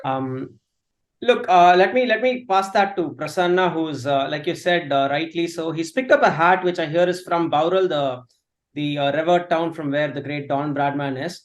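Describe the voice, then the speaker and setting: A man's voice: a little high, moderate pace. A man co-hosting a casual chat, hesitant with many fillers and teasing drily. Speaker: podcast co-host.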